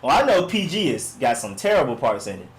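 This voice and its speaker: On a sports live stream, a relaxed man chats with his viewers, drifting from comment to comment in easygoing slang and often asking "you know what I'm saying". His pitch is an ordinary middle range, and he talks a little fast.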